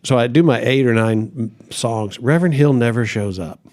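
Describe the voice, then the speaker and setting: A man's voice: medium pitch, normal speed, a little mellow. A middle-aged man and pastor telling a story in a casual interview, acting out quotes and laughing often.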